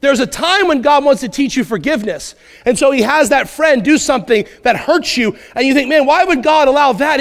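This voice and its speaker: A man in his thirties, a pastor preaching a lively Sunday sermon and acting out voices in his asides. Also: very high voice.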